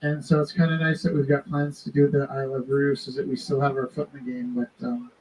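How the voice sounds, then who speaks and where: A man hosting a live art auction, telling rambling personal stories to the audience in an animated, self-interrupting way. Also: medium pitch, a little fast, poor audio. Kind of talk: casual storytelling to a live audience.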